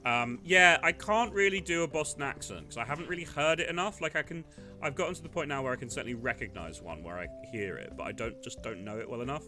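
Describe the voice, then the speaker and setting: A man's voice: medium pitch, quick pace, over music. A man giving casual, self-deprecating commentary while playing a game. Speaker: let's player.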